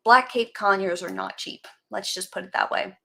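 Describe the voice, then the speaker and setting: Woman rambling on her livestream, saying hi to viewers by name, kinda gravelly voice. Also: medium pitch, moderate pace, pushed and bright. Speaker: livestream host chatting with viewers. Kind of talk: casual live chat.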